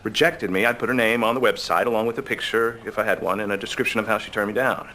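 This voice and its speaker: An actor playing a hapless, self-deprecating store clerk who talks in a mild, hesitant way. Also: male voice, on the low side, fairly even intonation, fast talker, sharp tone, slight background noise. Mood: glum. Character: shy, hapless young male store clerk. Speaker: client. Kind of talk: sitcom acting.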